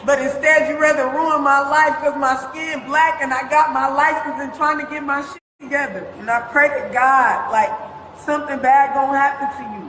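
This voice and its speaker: Angry cursing woman, high voice, echoey reverb-y room, bit of hiss. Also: fairly even intonation, normal speed, a bit bright. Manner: furious, cursing, threatening. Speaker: detained driver. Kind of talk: heated confrontation with police. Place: police stop and hospital room. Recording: echoey room with long reverb, faint noise.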